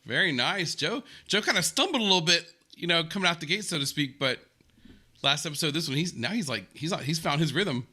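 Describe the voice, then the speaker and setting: A man's voice: a little high, animated, brisk, pushed and bright, husky. An American man giving casual, chatty reaction commentary. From United States. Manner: chatty, exclaiming. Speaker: reaction video host.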